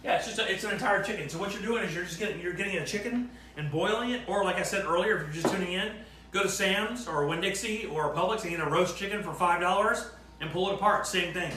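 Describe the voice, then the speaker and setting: A man's voice: high-pitched, quick pace, pushed and bright, reverberant, slight background noise. Joking man hosting a cooking show. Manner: joking, mock-indignant banter while cooking. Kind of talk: casual cooking demonstration.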